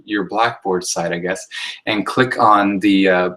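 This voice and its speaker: A man's voice: low-pitched, steady tone, measured pace, bright, forceful tone, rough recording. A man, a writing instructor, talking through a recorded workshop lecture on sentence style in an explanatory way, often checking in with "right?" and using fillers.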